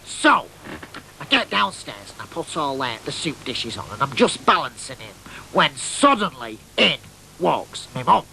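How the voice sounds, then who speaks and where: A man playing an excitable boyish oddball, telling a comic tall tale in a nasal, chatty way. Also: on the high side, measured pace, creaky, a little hiss or hum, full character voice, low-quality recording. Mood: fibbing. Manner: nasal, chatty, keeps asking "right?". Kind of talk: comic monologue storytelling.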